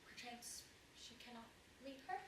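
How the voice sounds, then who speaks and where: A woman's voice: on the high side, moderate pace, background noise, close to an everyday voice. A young woman playing an eager, impatient young girl in love on stage. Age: young adult. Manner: swings from brooding to excited outbursts. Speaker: student actor. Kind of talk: stage acting. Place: theatre stage. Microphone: far camera. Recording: echoey stage, filmed from far off.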